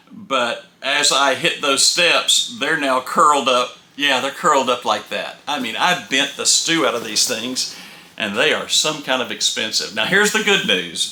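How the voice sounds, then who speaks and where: A folksy man spins a rambling travel tale and doubles back on his words as he talks. His voice is very bright and sharp, and it rings around a roomy, echoey space. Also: medium pitch. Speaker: RV traveler telling road stories. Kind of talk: casual first-person storytelling.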